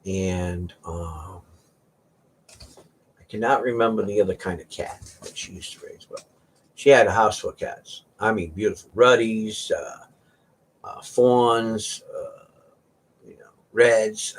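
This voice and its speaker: A man's voice: on the low side, measured pace, long pauses, slightly rough. A man hosting a casual chat, rambling through stories about his cats and sometimes mimicking their meows. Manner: rambling storyteller, imitates cats meowing. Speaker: host.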